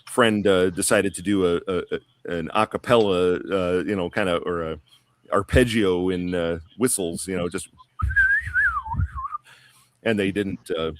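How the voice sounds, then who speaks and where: A man's voice: deep voice, steady tone, measured pace, long pauses, slight background noise. A man telling a long story on a podcast panel in a casual, rambling way, full of fillers and restarts. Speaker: guest.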